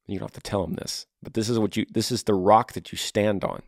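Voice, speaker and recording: A man's voice: lowish voice, fairly even intonation, fairly quick, creaky, no echo, clean studio sound. A man hosting an advice podcast, answering listener questions earnestly. He repeats his key points and acts out example lines.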